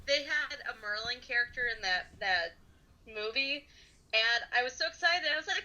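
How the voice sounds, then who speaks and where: A woman co-hosting a podcast in casual chat, talking excitably and gushing. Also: fairly high pitch, normal speed, rough recording.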